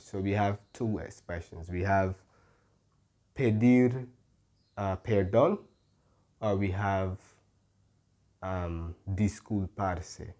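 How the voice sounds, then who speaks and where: A man tutoring Spanish in English, unhurried and explanatory, often checking in with "right?" and "mm-hmm.". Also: fairly low pitch, dark tone.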